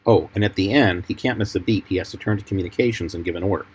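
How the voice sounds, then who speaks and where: A man, a film editor, giving measured, explanatory commentary over clips from a fan film. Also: low-pitched, breathy edge, rough recording.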